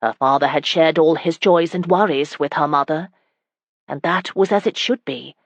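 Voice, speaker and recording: Brief: audiobook narrator, even scripted reading, dead-dry recording. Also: mid-range voice, moderate pace, no echo.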